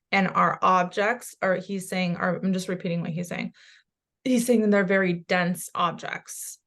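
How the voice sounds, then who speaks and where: A woman with a slightly low voice chats casually as a psychic medium. She talks in an animated, rambling way, full of quick asides. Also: gravelly. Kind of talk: casual chat.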